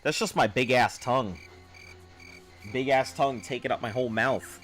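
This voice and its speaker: A man's voice: medium pitch, moderate pace, a bit bright, faint music behind. A man streaming a game, chatting casually with viewers in a rambling, offhand way full of fillers. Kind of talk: casual live-stream chat.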